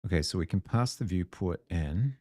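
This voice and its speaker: Chatting with viewers as he codes live, this forties-aged New Zealander muses out loud in a relaxed way. He sounds low, warm and expressive at a moderate pace, in a studio-quality recording without room sound.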